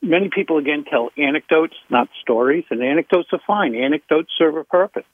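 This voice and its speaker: A man, a public speaking coach, talking in an interview with emphatic, animated leaps in pitch. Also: a little fast, dry recording. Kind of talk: interview talk. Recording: tinny phone line.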